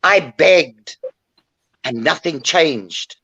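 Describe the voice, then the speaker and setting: A woman's voice: sits low, animated, extremely slow, fairly bright tone, slightly rough. An older woman talking bluntly and emotionally in a casual chat, calling in to a show. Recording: dull lo-fi line.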